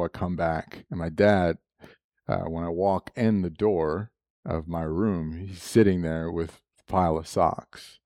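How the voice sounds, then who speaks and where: A man's voice: low voice, a little mellow, dry recording. A man preaching a sermon, telling a personal story with frequent laughs and moments of emotion.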